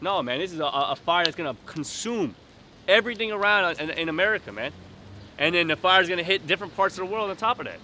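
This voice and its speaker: High, bright-voiced male street preacher. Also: lively intonation, quick pace, a little hiss or hum. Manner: rough street vernacular, emphatic and blunt.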